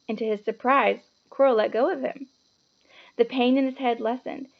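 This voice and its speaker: Expressive woman reading a storybook aloud. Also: a little high, creaky, highs cut off. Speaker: storybook reader. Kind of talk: dramatic children's book read-aloud.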